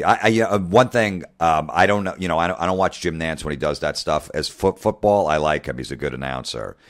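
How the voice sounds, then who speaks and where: A man hosting a podcast, talking casually in a profane, ranting, sarcastic way. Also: rumbling low. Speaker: podcast host.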